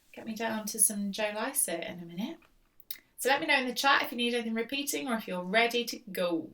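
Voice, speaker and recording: A woman's voice: on the high side, pushed and bright. A woman hosting a live-stream quiz, reading out questions and repeating them in a chatty, teasing way. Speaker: quiz host. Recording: voice distant from the mic.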